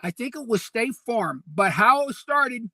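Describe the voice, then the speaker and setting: A man is co-hosting a relaxed talk show and telling stories with plenty of energy. His voice is bright and forceful, and he laughs often as he goes. The sound is dry and close to the mic. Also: extremely high pitch, a little slow, no room sound. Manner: animated storyteller, laughs often. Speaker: co-host and DJ. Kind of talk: casual chat.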